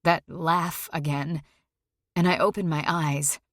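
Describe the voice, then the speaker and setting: A woman reading a dark first-person story aloud, tense and emotional, dropping low at grim moments. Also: fairly even intonation, takes it slowly, no echo, clean studio sound. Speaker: audiobook narrator.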